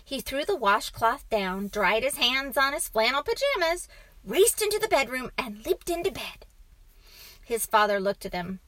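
A woman's voice: sits high, moderate pace, no echo, rough recording. Woman reading a children's story aloud. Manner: calm, even storytelling. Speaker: narrator.

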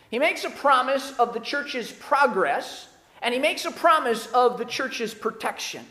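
Earnest pastor preaching in a roomy church. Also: male voice, high-pitched, fairly bright tone. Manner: earnest, with frequent restarts and repeated words. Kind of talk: sermon with scripture reading. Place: church sanctuary.

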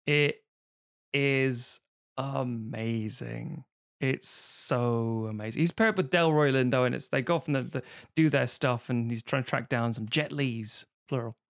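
A man's voice: medium pitch, unhurried, no room sound, studio quality. A man hosting a casual podcast chat, telling film anecdotes and acting out quotes. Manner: animated storyteller acting out quotes. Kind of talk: casual chat about accents and films.

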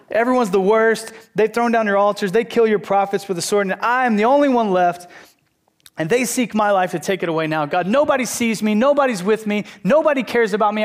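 Preacher putting on a whining, despairing prophet, somewhat high and plaintive, in a sermon. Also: male voice, close to an everyday voice. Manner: self-pitying, plaintive. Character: despairing prophet complaining he is alone.

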